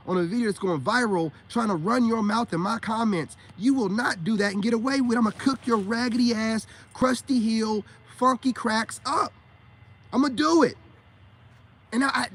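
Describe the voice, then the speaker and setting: A man's voice: very high-pitched, fairly bright tone, husky. A middle-aged man ranting to his viewers on a livestream in an emphatic, slangy way, repeating words in bursts. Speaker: self-styled spiritual coach.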